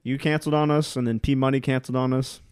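A man's voice: mid-range voice, flat delivery, fast, a little mellow, smooth. A man hosting a podcast in casual chat, easygoing and steering the conversation between segments. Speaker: podcast host.

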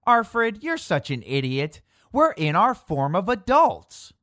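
A performer voicing a bossy ten-year-old girl who is impatient to be a grown-up, with a shrill, scornful manner. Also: big pitch swings, slow pace, a bit bright, no room sound, clean studio sound.

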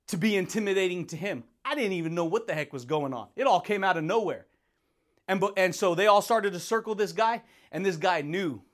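A young man hosting a motivational podcast, talking in an energetic, slangy way and laughing often. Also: high voice. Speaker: podcast host.

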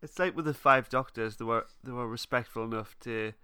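A man co-hosting a casual podcast, recapping a plot in a relaxed way and often trailing off with vague wrap-ups. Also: mid-range voice, fairly quick, clear, resonant tone. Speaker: podcast co-host. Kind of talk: casual fan podcast chat.

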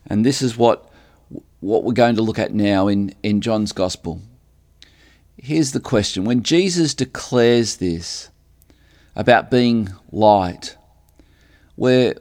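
A man preaching a sermon, speaking slowly and deliberately and lifting his voice on quoted lines. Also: lowish voice, a little mellow. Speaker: pastor.

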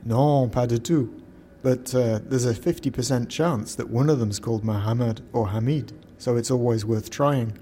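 A man's voice: mid-range voice, normal speed, hardly any pauses, mellow, a little hiss or hum, lightly acted. A man playing a young, elegant male journalist who talks in a friendly, reassuring way.

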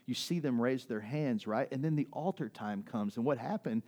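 A male pastor preaches a sermon built around a personal story, swinging between excited high bursts and soft emotional moments. At times he is near tears.

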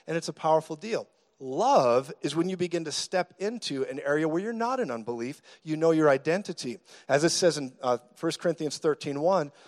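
Guy preaching in a church, kinda higher voice, jokey storytelling, gets loud out of nowhere. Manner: animated, joking storytelling with sudden loud bursts. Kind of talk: sermon. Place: church meeting hall.

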